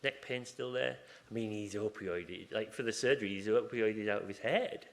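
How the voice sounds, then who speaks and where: In a lowish voice with vocal fry, he speaks at a moderate pace. The man is a hospital acupuncturist working with a surgery team, chatting casually in a conference talk with floor questions and acting out ward exchanges.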